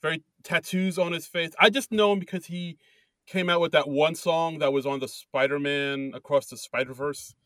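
Bright man chatting, dry close sound. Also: fairly high pitch, fairly even intonation, moderate pace, dry recording. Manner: chatty, laughs easily, hesitant fillers. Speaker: podcast co-host. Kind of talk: casual chat.

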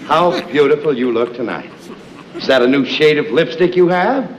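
An actor playing a blustery husband who puts on a fake, regal romantic voice, heard in an old sitcom clip. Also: male voice, on the high side, expressive, normal speed, reverberant, a little hiss or hum, close to an everyday voice, low-quality recording. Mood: mock-romantic. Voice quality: put-on regal crooning tone. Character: blustery bus driver putting on a fake-romantic voice. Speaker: sitcom character. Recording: old TV clip with loud audience laughter.

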